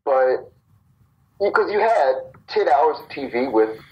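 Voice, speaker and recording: A man's voice: on the high side, very animated, unhurried, darkish tone, lo-fi sound. A man co-founder of a wrestling company, casually telling a long story on a podcast and acting out the quotes.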